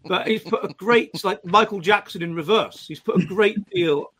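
A man's voice: sits high, moderate pace, fairly bright tone. A man with a South London accent chatting casually, often stammering and repeating words. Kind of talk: casual chat.

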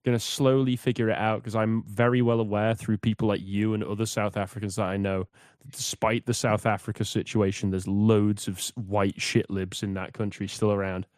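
A man's voice: lowish voice, level tone, darkish tone, no echo, clean studio sound. A man from England in his thirties, chatting casually on a stream, often stumbling over his words before joking. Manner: halting, stammering restarts, joking. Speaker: stream co-host. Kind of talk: casual chat on a livestream.

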